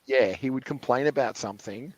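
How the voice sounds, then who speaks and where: A man co-hosting a laid-back motorsport podcast, mid-pitched and chatty. He jokes constantly and slips into mock voices for quotes. His sound is dry and close, with no room in it. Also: brisk, a little mellow, dry recording, highs cut off. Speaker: podcast co-host. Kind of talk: casual chat.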